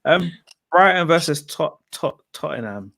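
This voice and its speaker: A man's voice: fairly high pitch, lively intonation, a little slow, creaky, pushed and bright, dry recording. Chatty man, dry close sound. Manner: chatty, laughs often, reads out viewer predictions. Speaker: football podcast host. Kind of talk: casual football chat.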